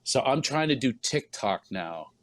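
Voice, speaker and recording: A man, a comedian guest, telling a story in an animated way and acting out other people's lines in quick bursts. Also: medium pitch, poor audio.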